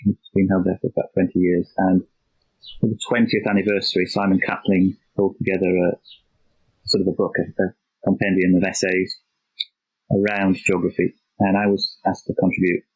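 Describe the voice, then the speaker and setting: A man in his fifties with a faint Yorkshire accent, a podcast guest chatting reflectively and haltingly, with many restarts. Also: low-pitched, level tone, husky, no echo. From Yorkshire, England. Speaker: podcast guest, geography teacher. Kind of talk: casual interview chat. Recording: dull lo-fi dry remote recording.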